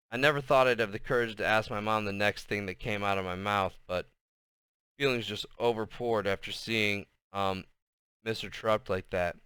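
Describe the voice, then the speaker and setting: A man reads a novel aloud at an easy pace, now and then tripping on a word. His voice is bright and smooth. The recording is dry and close. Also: lowish voice, dry recording. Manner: unhurried reading with small slips. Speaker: reader.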